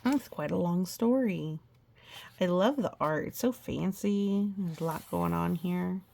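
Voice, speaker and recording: A woman's voice: on the low side, a little slow, vocal fry, a little mellow, a little hiss or hum. A woman reading a children's picture book aloud, adding chatty, playful asides. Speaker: storybook reader.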